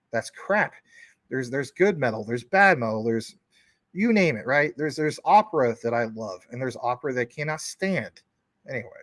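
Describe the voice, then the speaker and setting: A man's voice: medium pitch, fairly bright tone, dry recording, clean studio sound. A man hosting a live stream from his couch at home, chatting casually with viewers in a rambling, jokey way and teasing commenters. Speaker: livestream host.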